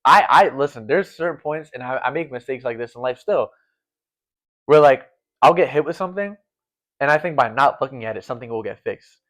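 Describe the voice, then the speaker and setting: A man's voice: mid-range voice, lively intonation, a little fast, a bit bright. A young man in his late teens talking casually and earnestly, rambling with lots of fillers. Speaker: guest, former volleyball setter. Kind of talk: casual conversational chat. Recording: dull lo-fi recording.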